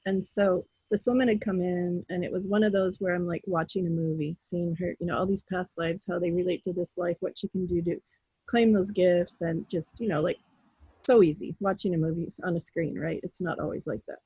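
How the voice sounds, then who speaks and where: A woman guest on an interview show, telling a story in a casual, animated way and acting out her own pleas and the words of others. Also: lowish voice, a little fast, slightly rough, dry recording, highs cut off. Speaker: guest, intuitive healer.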